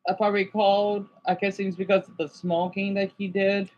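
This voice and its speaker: A man on a casual livestream, talking to his chat in a halting, rambling, sympathetic way with many restarts. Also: high-pitched, level tone, lo-fi sound, slight background noise. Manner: sympathetic and emotional.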